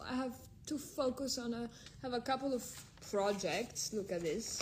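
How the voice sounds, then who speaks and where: Her fairly high voice moves at a moderate pace over a noisy background. She hosts a casual phone livestream, answering viewer questions frankly after reading them out, and slips between several languages mid-stream.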